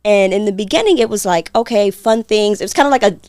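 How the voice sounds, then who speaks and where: A woman's voice: mid-range voice, expressive, fast talker, darkish tone, no echo. Thoughtful woman co-host, dry close mic. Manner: thoughtful, confessional, easy laughs. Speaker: podcast co-host. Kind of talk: candid podcast conversation.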